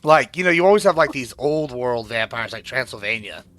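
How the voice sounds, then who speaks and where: A man's voice: medium pitch, animated, a little fast, a bit bright. A man streaming a game, chatting casually in a rambling, crude way with plenty of swearing and fillers. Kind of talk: casual chat while gaming.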